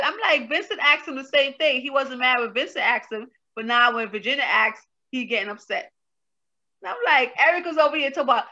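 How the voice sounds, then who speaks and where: A woman co-hosting a casual review chat, telling stories in an exasperated, animated way. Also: high-pitched, brisk, dull audio. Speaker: co-host reviewing a reality show.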